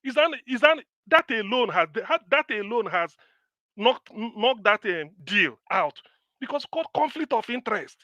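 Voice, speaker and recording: A man's voice: sits high, big pitch swings, unhurried, pushed and bright, no room sound. A Nigerian man hosting a live stream, lecturing and scolding viewers in impassioned commentary.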